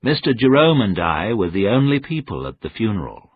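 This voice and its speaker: A man reading a graded-reader novel aloud as scripted narration, in a measured, plain storytelling manner. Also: on the low side, sing-song, husky. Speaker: audiobook reader. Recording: narrow phone-like sound.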